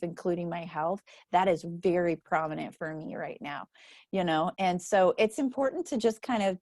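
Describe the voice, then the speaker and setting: Leading a book club, a middle-aged woman chats casually and laughs often, acting out quoted voices as she tells stories in a relaxed group conversation. Her voice is lowish and darkish in tone, captured in studio quality with no echo.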